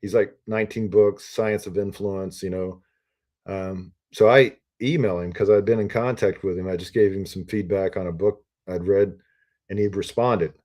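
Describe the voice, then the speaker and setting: Low, mellow-voiced man telling stories. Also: steady tone, normal speed. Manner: rambling, filler-heavy storytelling with many ums and uhs. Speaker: podcast guest, retired Army officer. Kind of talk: casual storytelling interview.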